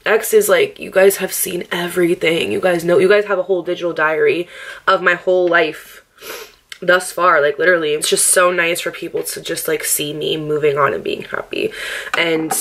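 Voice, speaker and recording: A woman's voice: on the low side, fairly bright tone. A young woman vlogging in a casual chat, candid and upbeat, laughing often, heavy on "like" and swearing freely. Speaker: lifestyle vlogger. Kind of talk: casual get-ready-with-me chat.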